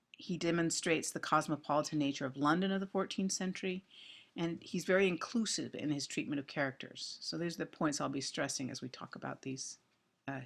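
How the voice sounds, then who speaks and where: A man giving a recorded literature lecture, speaking deliberately and thoughtfully with frequent ums and restarts. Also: on the high side, vocal fry, bright, forceful tone.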